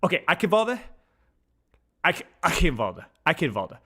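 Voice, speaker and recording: A young male streamer with a bright, forward voice chats casually as he sounds out words. His pitch jumps around a lot, and he keeps breaking into mock-outraged shouts. It is loose, animated talk rather than a script. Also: unhurried, husky. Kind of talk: casual pronunciation chat.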